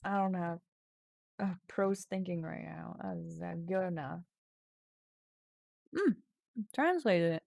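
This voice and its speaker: A woman's voice: lowish voice, animated, takes it slowly, gravelly, long pauses, darkish tone, dry recording, studio quality. A woman streaming an AI text adventure, chatting casually while she types, laughing at herself and reading story lines aloud. English is not her first language. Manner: self-mocking, laughs often, reads story text aloud. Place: home streaming setup.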